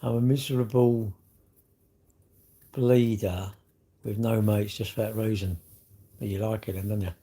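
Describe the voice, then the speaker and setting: Middle-aged man, husky voice, fairly low, blunt joking livestream chat. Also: fairly even intonation, measured pace, long pauses, mellow. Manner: chatty, blunt, joking, answers viewers directly. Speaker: livestream host. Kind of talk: casual livestream chat reading comments.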